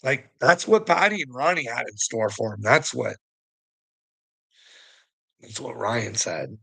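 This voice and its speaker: A man's voice: mid-range voice, animated, a little slow, creaky, bright, forceful tone, slightly rough, low-quality recording. A man giving rambling casual commentary to a viewer, chuckling often and swearing freely. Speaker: online commentator.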